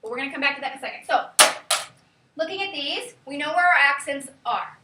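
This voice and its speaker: A woman's voice: sits high, expressive, fast talker, noisy background. A woman teaching a class, sometimes calling words out in a sing-song way to show syllable stress. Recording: echoey classroom, mic far off.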